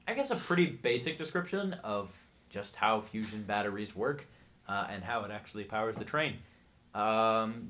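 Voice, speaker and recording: Guy gm, lowish voice, laid back, lots of uhs. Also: moderate pace. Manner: relaxed, explanatory, with frequent fillers. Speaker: game master. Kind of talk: narrating a tabletop game.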